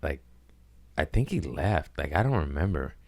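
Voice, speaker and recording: Man, podcast host, deep voice, dry studio mic, rambling crude comedy. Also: very animated, no room sound. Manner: rambling, crude storytelling with quick put-on voices. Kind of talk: casual comedic chat. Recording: dry close studio sound.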